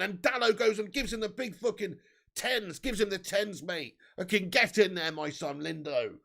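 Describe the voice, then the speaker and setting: A young man hosting a live football watch-along, bantering with the chat, swearing freely and shouting out on big chances. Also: high voice, moderate pace, gravelly.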